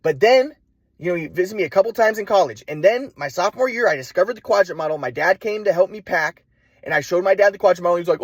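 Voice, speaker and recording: A young man rattles through a personal monologue, swearing freely and restarting his sentences. His voice sits high and bounces around a lot. The sound is dry and close. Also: lively intonation, fast talker, husky, no room sound. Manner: profane, restless, many restarts. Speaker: vlogger.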